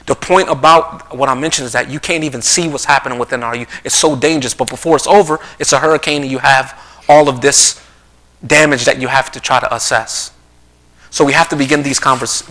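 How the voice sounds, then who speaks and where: A man's voice: mid-range voice, pushed and bright, rough recording. A middle-aged man giving an earnest talk on a live stream, telling stories and often restarting and repeating his phrases. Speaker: speaker on a community live stream. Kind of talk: conversational talk with storytelling. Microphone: streaming mic.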